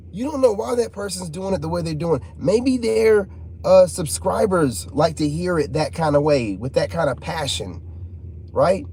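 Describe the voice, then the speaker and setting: A man delivers a passionate vlog monologue in a mellow, warm-toned voice. He talks in heated, rambling bursts, circling back with fillers and repeating his points for emphasis. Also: on the high side, a little hiss or hum. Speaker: vlogger.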